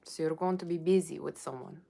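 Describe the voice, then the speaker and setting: A woman's voice: deep voice, brisk, gravelly, dark tone. A woman voicing a brash, sassy fortune-teller with a put-on Russian accent, giving a blunt tarot reading with teasing asides to viewers. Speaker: tarot reader. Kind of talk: Halloween tarot reading in character.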